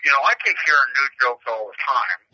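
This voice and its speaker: A man's voice: mid-range voice, lively intonation, brisk, pushed and bright. A man who is a prison inmate, rambling through stories and crude jokes, stumbling and repeating words over a phone call. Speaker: prison inmate taking questions. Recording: muffled lo-fi phone line.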